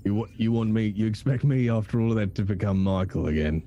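A man's voice: lowish voice, fast, mellow, dull audio, close to an everyday voice. Brief: dry sardonic man, voiced by a man, darker tone, faint hiss. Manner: dry, sarcastic. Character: cocky, sardonic male soldier impostor. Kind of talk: tabletop role-play voice acting.

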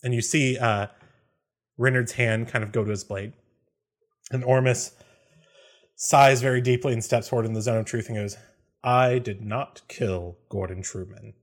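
A man narrating as game master of a tabletop game, laughing often and filling pauses with "uh" and "um". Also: mid-range voice, steady tone. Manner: laughs often, many fillers.

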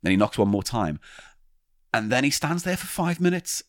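A podcast host with a mid-range male voice tells stories at a normal pace, swearing freely in a casual, animated chat. The recording is studio quality with no room sound.

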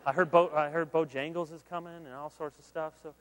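A man preaching a sermon as pastor, conversational and animated, mixing humor with earnest appeals. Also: a little high, brisk. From Michigan, USA. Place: large conference hall. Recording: long hall reverb.

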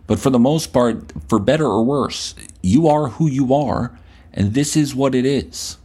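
A man's voice: medium pitch, unhurried, dark tone, husky. A male podcast host delivering a blunt, profane, scolding rant at the listener. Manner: blunt, scolding, heavy swearing.

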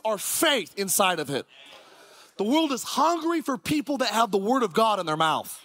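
High-voiced man preaching a sermon. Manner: energetic preaching with shouts and rhetorical questions. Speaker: pastor. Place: church sanctuary.

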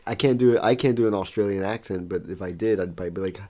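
Low-voiced casual co-host, man, rambling and laughing. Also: very fast, noisy background. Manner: loose, laughing storyteller with profanity. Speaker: podcast co-host. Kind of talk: casual chat.

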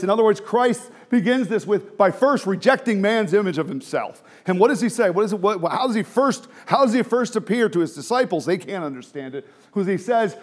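A man's voice: sits high, lively intonation, a little fast, hardly any pauses. A man preaching a sermon, emphatic and full of rhetorical questions, sometimes dropping to a near whisper.

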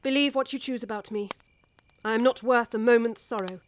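A woman's voice: on the high side, fairly even intonation, a little fast, lightly acted. Mrs Erlynne, an actress playing an impassioned older woman. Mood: imploring. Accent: English. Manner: impassioned, pleading, urgent. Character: worldly older woman pleading with a young wife. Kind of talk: radio drama acting.

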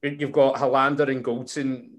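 A man's voice: medium pitch, flat delivery, normal speed, fairly bright tone. A man hosting a casual football podcast, rambling with many fillers and restarts. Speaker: podcast host.

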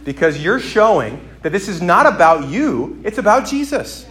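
A man preaching a sermon, moving between quiet reflection and loud, emphatic exhortation. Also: high voice, very animated, moderate pace.

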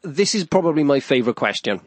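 A man's voice: on the high side, big pitch swings, fast, no echo. Male podcast host, eager and chatty, dry studio sound. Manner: chatty, eager, plugs his projects. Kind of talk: casual podcast interview.

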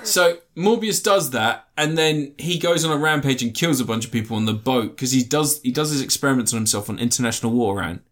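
A man's voice: medium pitch, expressive, fast talker, few pauses. A man in casual chat, retelling a film plot with lots of swearing and acted-out lines.

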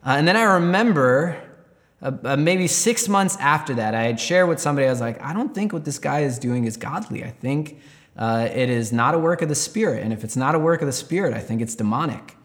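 A man's voice: fairly high pitch, expressive, a little fast, big-room sound. A man giving a candid personal testimony, rambling and restarting as he recounts events. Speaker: Christian storyteller.

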